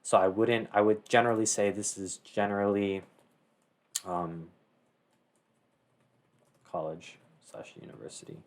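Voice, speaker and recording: A teenage boy hosts a screen-share tutorial, talking casually and rambling with lots of fillers and self-corrections. His voice is fairly low, and he speaks at a measured pace with frequent pauses.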